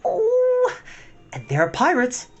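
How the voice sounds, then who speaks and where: A man's voice: very high voice, wildly swooping pitch, takes it slowly, dull audio, soft background music, voice pushed up, exaggerated voice. A man voicing a boastful, carefree flying boy in a storybook read-aloud, cocky and coaxing. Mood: enticing.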